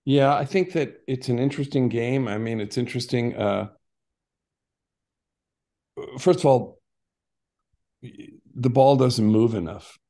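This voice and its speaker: A man's voice: mid-range voice, a little slow, mellow. An older man, a former actor and basketball coach, chatting in an interview and telling stories in a rambling way with frequent restarts and asides. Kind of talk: casual interview storytelling.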